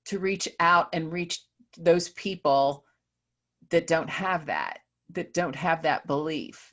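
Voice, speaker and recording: Halting, thoughtful woman host, deep voice. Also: fairly bright tone. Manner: searching, halting, many restarts when asking. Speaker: podcast host. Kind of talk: conversational interview.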